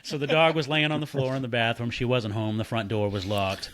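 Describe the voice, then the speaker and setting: A man casually telling a story, animated and swearing freely while he acts out the voices of the people in it. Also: medium pitch, fairly quick. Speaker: podcast guest.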